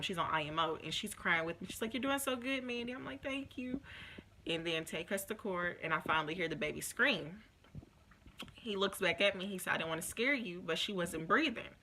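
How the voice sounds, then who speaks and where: A young woman recounts a personal story in a casual vlog, getting emotional and acting out the voices of others. Her voice sits a little low but sounds bright and forceful. Faint noise lingers behind her. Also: fairly quick. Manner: emotional, animated retelling with quoted voices. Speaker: vlogger.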